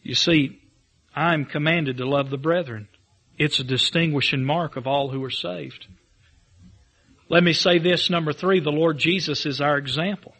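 A man's voice: on the high side, normal speed, fairly bright tone, husky. A man preaching a sermon, building emphasis through repetition and reading scripture aloud in old-fashioned wording. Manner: reads scripture in King James wording. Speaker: pastor.

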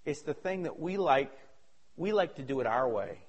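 A man preaching a sermon with great fervor, dropping to low mutters and rising to shouted exhortations as he acts out the voices in Bible stories. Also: expressive, moderate pace, husky. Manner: fervent, swings from low mutters to high shouts.

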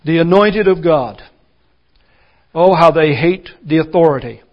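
A man preaching a sermon, building to forceful, emphatic declarations. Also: fairly high pitch, unhurried, lo-fi sound.

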